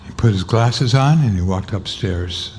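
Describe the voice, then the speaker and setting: An older man, an interview guest, telling a personal story and acting out the dialogue with sudden jumps in pitch. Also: lively intonation, a little slow, a little mellow, a little hiss or hum. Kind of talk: storytelling anecdote.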